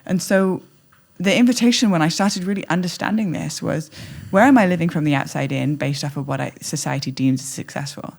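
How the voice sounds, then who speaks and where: A woman talking as a podcast guest in an animated, playful way, acting out little scenes as she speaks. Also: low voice, brisk, creaky. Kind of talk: conversational interview.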